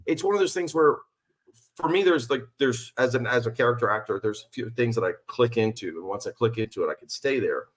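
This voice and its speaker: Playful actor guest, mid-pitched. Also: male voice, brisk. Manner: playful, animated storyteller. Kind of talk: casual podcast interview.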